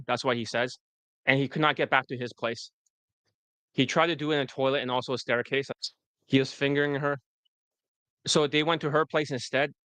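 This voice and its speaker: A man's voice: medium pitch, bright, forceful tone, no echo. A man coaching on dating in a livestream replay, blunt and profane, with a loose and rambling delivery.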